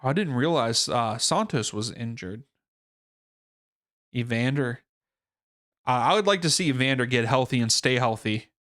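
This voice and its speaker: A man's voice: mid-range voice, animated, a little slow, pauses often, a bit bright, dry recording, studio quality. A man hosting a live soccer watchalong stream, chatting casually and thinking aloud with fillers and restarts. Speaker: livestream watchalong host.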